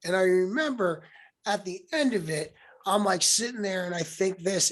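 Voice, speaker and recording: A young adult man chats on his podcast in a fairly high voice. He tells stories with a lot of animation and leaps up in pitch and loudness whenever he quotes someone. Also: normal speed. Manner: animated storyteller, acts out quotes with sudden loud pitch jumps. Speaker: podcast host. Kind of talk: casual conversation.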